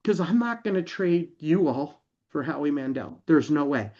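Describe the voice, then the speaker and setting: A man's voice: on the high side, expressive, moderate pace, a little mellow. Earnest emotional man, muffled call audio. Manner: earnest, emotional, repeats himself for emphasis. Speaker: company founder addressing members. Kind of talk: online company announcement.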